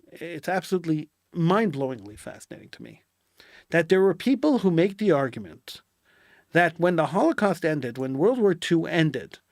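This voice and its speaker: A man's voice: fairly high pitch, no room sound, studio quality. Impassioned man ranting solo. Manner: impassioned, indignant, repeats phrases for emphasis. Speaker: political commentator. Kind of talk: solo commentary monologue.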